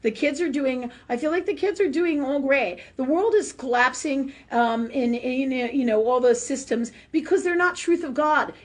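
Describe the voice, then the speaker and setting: A woman talks straight into her stream as the host of a spiritual show, her voice sitting a little high. She rambles through a personal story, dropping casual swear words. She checks in with "right?" after nearly every point. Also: moderate pace, few pauses. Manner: chatty storyteller, tags sentences with "right?", swears freely. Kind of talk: live-streamed casual monologue. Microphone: webcam or phone on a live stream.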